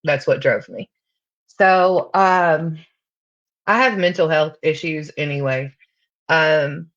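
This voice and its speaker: A woman's voice: fairly low pitch, dull audio. A woman giving a candid recovery testimony, blunt and full of fillers. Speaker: recovery speaker.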